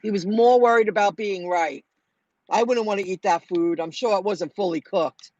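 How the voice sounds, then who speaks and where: A middle-aged woman telling viewers about her delivery rounds in a chatty, animated way, acting out what people said. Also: mid-range voice, normal speed, muffled recording. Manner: chatty, animated retelling with quoted dialogue. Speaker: food delivery driver vlogger. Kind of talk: casual storytelling to viewers.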